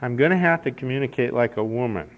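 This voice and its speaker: Talking fast at a medium pitch, a forties-aged man from Nebraska in the United States shares a homespun, self-mocking story with a recovery meeting. He's in a conference hall, and the old cassette recording sounds dull with a bit of hiss.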